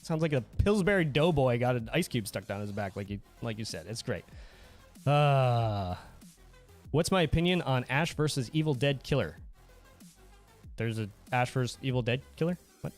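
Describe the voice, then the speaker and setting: A man's voice: medium pitch, moderate pace, soft background music. A man hosting a casual livestream, chatting goofily with viewers and laughing often. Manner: goofy, animated, reads chat aloud and laughs often. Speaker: livestream host.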